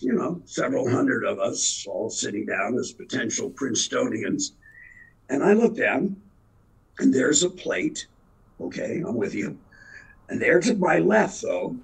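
A man's voice: mid-range voice, sing-song, slow pace, long pauses, rough recording. A man in his eighties from the Philadelphia area, a veteran actor telling rambling stories as an interview guest. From Philadelphia area, USA. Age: 80s. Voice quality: gravelly, very raspy. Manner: rambling anecdotal storyteller. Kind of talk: casual storytelling interview.

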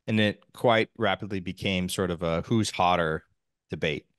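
A man hosting a podcast, talking in a measured way with restarts and small laughs. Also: low-pitched, a bit bright, no echo, studio quality. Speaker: podcast host. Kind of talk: casual podcast chat.

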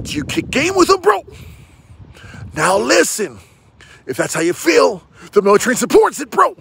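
Loud comedian roaster, high, gravelly, slow, wildly swinging pitch, profane and brash. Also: male voice, wildly swooping pitch, noisy background. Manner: brash, profane, yelling, says bro constantly. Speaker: comedian doing a paid roast video.

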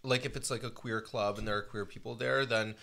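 Man, low gravelly voice, from the US, casual podcast chat, rambling with fillers. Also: steady tone, brisk, bright, forceful tone. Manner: chatty, lots of fillers and restarts. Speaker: guest drag performer.

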